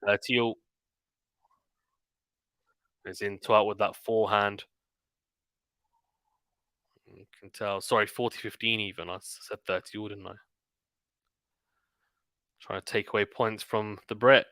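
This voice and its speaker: Bright-toned man calling tennis. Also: on the low side, level tone, dry recording. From Britain. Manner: rapid calls of the rally mixed with quiet chatty asides. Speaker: stream commentator. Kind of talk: live play-by-play commentary.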